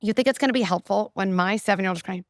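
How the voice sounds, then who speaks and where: Middle-aged woman, expressive guest expert, dry close recording. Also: mid-range voice, racing, no echo. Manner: animated, explanatory, frequent "like" and "right?". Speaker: clinical psychologist, podcast guest. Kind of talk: conversational interview.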